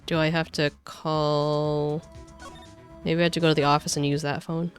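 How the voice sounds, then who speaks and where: A woman streamer who chats casually while she plays, wandering off into rambling, self-deprecating asides. Her voice sits fairly low for a woman. Soft music plays faintly behind her. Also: flat delivery, moderate pace. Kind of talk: casual game commentary.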